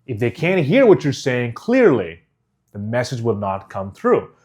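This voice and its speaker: A man teaching a speaking course, speaking deliberately and clearly enunciating each syllable with emphasis. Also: medium pitch, wildly swooping pitch, a little mellow. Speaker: speaking coach. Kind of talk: instructional course.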